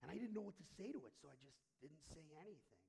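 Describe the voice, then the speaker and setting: A man preaching a sermon as pastor, moving between quiet, intimate asides and loud, shouted peaks, with a raspy voice. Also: fairly high pitch, very animated, quick pace, low-quality recording.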